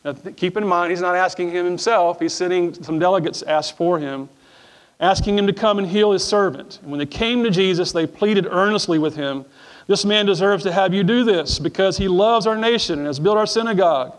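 A man's voice: high-pitched, brisk. A middle-aged male pastor preaching a sermon in a church, reading scripture and calling on the congregation to answer back, often repeating his words. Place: church sanctuary before a congregation.

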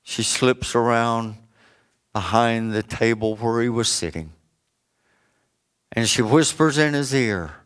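A man preaching a sermon, telling a story slowly with dramatic pauses. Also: mid-range voice, a bit bright, clear, resonant tone.

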